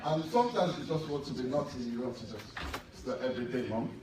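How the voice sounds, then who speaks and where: A man's voice: medium pitch, expressive, fast talker, far from the mic. A man with a Nigerian accent performing a stand-up comedy set, animatedly telling stories and acting out his mother. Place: event hall with a live audience. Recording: echoey hall recorded from afar, crowd and noise. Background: audience laughter.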